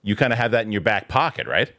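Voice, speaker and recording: Male podcast host, low-pitched, loose and chatty, dry close mic. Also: big pitch swings, fast, sharp tone, no echo. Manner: chatty, laughing, rambling questions. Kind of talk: casual interview chat.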